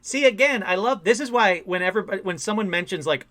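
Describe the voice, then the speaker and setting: Excitable host of a call-in podcast, eager and casual. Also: male voice, high-pitched, fast. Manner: excitable, enthusiastic, reacts with loud surprise. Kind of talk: casual call-in show chat.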